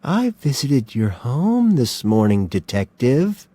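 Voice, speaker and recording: A man voicing a calm, smug male serial killer who speaks softly and slowly. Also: medium pitch, no echo, pitched above the performer's own voice. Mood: menacing. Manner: soft, slow, mocking calm.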